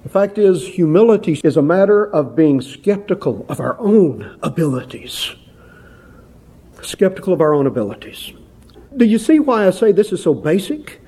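A male preacher delivering a sermon in a warm, darkish voice that sits a little high for a man. He drives his points home with repetition and often turns to the listeners as "my friends.". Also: sing-song, moderate pace, husky. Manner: emphatic, repeats phrases, addresses listeners as "my friends".

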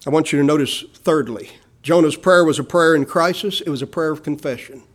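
A man's voice: on the high side, a little fast. Man preaching with swelling, dropping delivery. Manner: dynamic preaching, swells loud then drops soft; addresses listeners as "my beloved". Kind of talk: sermon.

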